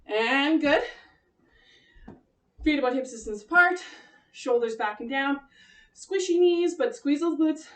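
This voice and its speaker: A woman's voice: sits high, animated, a little slow, pauses often, a bit bright. A woman fitness instructor leading a home cardio workout, chatty and encouraging, and out of breath as she exercises. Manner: encouraging, chatty, laughs often. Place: room at home. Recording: echoey room, voice from a distance.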